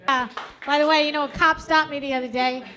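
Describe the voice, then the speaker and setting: A woman's voice: high voice, fairly even intonation, fast, sharp tone, slight background noise. A woman hosting a comedy club stage, doing chatty, self-mocking stand-up and working the crowd on a handheld mic.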